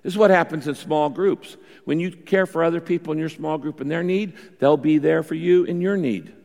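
A man's voice: fairly high pitch, a little fast, creaky, a little mellow, big-room sound. A male pastor preaching a sermon in a conversational way, repeating his key points.

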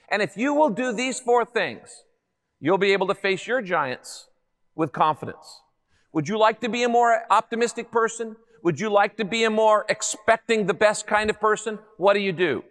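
A male pastor delivers a sermon with a notably high-pitched voice. He keeps it lively and humorous, throwing rhetorical questions at his listeners. The sound carries a long reverb, as in a large church hall.

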